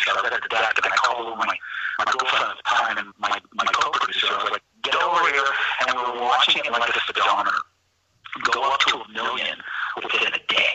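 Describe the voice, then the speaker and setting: A man with a medium-pitched voice calls in to a radio talk show, chatting casually and rambling from one tangent to the next. The audio is lo-fi and very noisy, with a distant mic.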